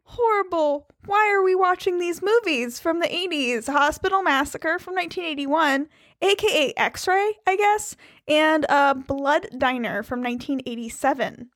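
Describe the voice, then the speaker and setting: A woman's voice: sits high, lively intonation, normal speed, a bit bright, no room sound, clean studio sound. A woman co-hosting a casual podcast, playful and jokey in her delivery. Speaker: podcast co-host. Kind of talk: casual chat.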